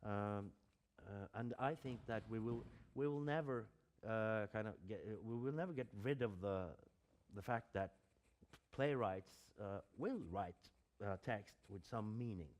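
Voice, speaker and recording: Hesitant man, lowish voice. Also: unhurried. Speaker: acting teacher. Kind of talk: lecture on acting.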